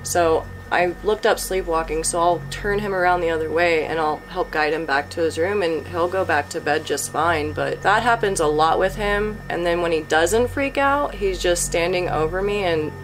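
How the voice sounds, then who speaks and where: Low-voiced woman in a documentary interview, worried and earnest, confiding. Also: moderate pace, hardly any pauses, faint music behind, rough recording. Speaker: mother describing her home.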